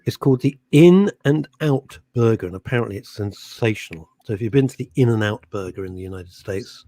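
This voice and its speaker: A man's voice: fairly low pitch, expressive, fairly quick, dark tone, no echo. A man co-hosting a radio show, telling rambling stories with a lot of laughter. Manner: laughing, chatty storyteller. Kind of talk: casual radio chat. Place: radio studio.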